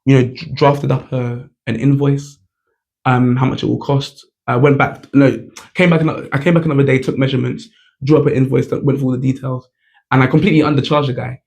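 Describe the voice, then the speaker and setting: Chatty young man with gravelly voice. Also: mid-range voice, fairly quick. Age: 20s. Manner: chatty, animated storytelling full of "like" and "you know". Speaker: vlogger. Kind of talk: casual storytelling to camera.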